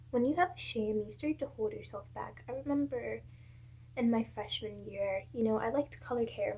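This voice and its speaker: Young woman vlogger with a breathy, slightly raised voice, talking earnestly and openly to her camera. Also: on the high side, darkish tone. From South Carolina. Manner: candid, earnest and personal. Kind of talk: casual advice talk to camera.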